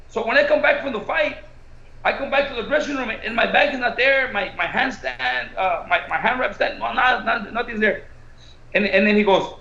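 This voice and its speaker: A man with a very high, bright voice, telling a story with lively energy and easily switching between English and Spanish. He is recorded in an echoey room, and the sound is dull and lo-fi. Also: creaky. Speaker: boxing coach and show co-host. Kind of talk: casual storytelling.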